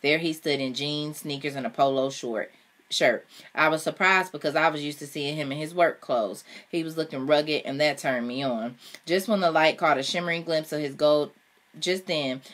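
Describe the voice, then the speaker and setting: Female reader, low voice, steady first-person novel narration. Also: moderate pace. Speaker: audiobook reader. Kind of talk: reading a novel aloud.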